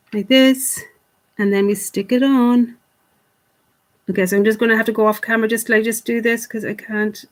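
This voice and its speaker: A woman teaching children clay modelling online, chatty and encouraging, talking to the camera as if the kids were there. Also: a little high. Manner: fond of cute words like "little". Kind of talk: online craft lesson for children.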